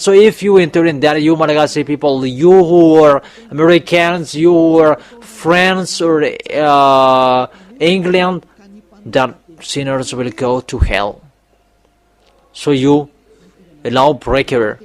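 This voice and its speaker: Emphatic preaching man, somewhat high voice. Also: takes it slowly. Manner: emphatic exhorting, voice rising on warnings; repetitive, with fillers and restarts. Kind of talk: sermon.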